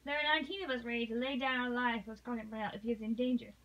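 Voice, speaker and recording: A woman voicing an earnest, loyal young English gentleman in formal period speech, read aloud from a novel. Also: on the high side, fairly even intonation, racing, distant mic, highs cut off.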